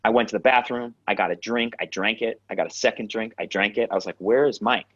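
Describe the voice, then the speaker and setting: A man, an actor and acting coach, telling lively stories in a casual interview, acting out the voices and swearing freely. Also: lowish voice, fast, dry recording. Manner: animated storyteller, acts out quotes, swears freely. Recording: dull lo-fi sound.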